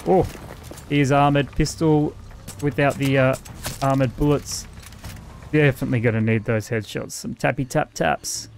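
Here the Australian gaming host sounds mid-range, gravelly, and a little mellow, speaking at normal speed with fairly even intonation over slight background noise. His let's-play commentary is casual and full of swearing, and he talks back to the game's characters.

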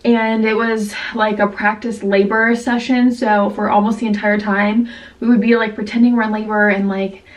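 A woman's voice: medium pitch, little pitch movement, moderate pace, recorded from a distance, low-quality recording. Breathless pregnant young woman vlogging. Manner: chatty, filler-heavy, laughs often. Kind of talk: casual vlog chat.

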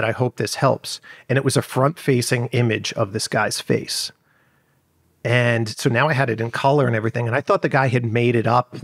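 A man with a gravelly, fry-edged voice recounts events as a podcast guest, circling back with fillers and restarts. The sound is dry and close, with little room around it. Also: medium pitch, no room sound. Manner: rambling, lots of fillers and restarts. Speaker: journalist guest. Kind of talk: conversational storytelling.

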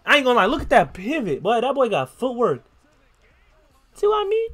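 A young man hosting a casual basketball reaction video, excitable and slangy, swearing and breaking into loud outbursts. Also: extremely high pitch, a little fast. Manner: slangy, repeats catchphrases. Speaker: YouTube reaction host.

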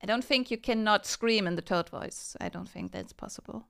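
A young woman streaming a game, chatting casually with her viewers and breaking into excited shouts. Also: mid-range voice, normal speed, vocal fry. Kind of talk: casual live-stream chat.

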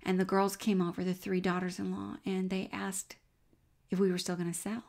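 A middle-aged woman giving an earnest personal faith testimony as a Christian speaker. She tells her story warmly and sometimes drops to a near-whisper. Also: lowish voice, completely flat delivery, moderate pace, vocal fry.

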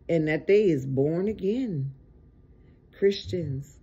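Tired online preacher, slow drawn-out delivery, husky dark voice, dull lo-fi recording. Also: mid-range voice, expressive. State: tired, exasperated. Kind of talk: informal video sermon.

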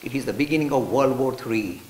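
A man giving a lively storytelling lecture to an audience and acting out the characters in his stories. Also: medium pitch, a little fast. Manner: animated, acts out characters. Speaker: religious studies lecturer. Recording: roomy hall with faint hiss.

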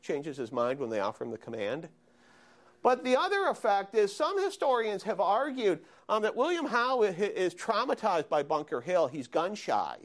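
A man lecturing a university history class, animated and questioning his students. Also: high voice, normal speed. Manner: animated, asks students questions, frequent "okay?". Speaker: history professor.

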